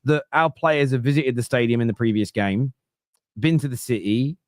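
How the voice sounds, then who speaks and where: Blunt, sweary football host. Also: male voice, medium pitch, normal speed, no echo, studio quality. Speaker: podcast host. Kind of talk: casual football chat.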